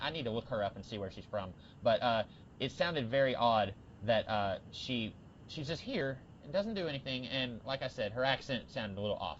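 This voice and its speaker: A man co-hosting a podcast, chatting casually about a TV episode with lots of fillers and bursts of excitement. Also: medium pitch, dull audio, a little hiss or hum. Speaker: podcast co-host. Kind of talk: casual TV discussion.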